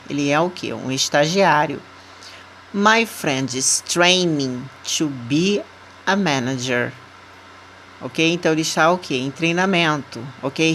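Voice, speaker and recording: A woman with a Brazilian Portuguese accent teaching English, reading out words and example sentences slowly and carefully. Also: low-pitched, fairly bright tone, a little hiss or hum, low-quality recording. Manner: slow, deliberate dictation of words and example sentences. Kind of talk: recorded English lesson.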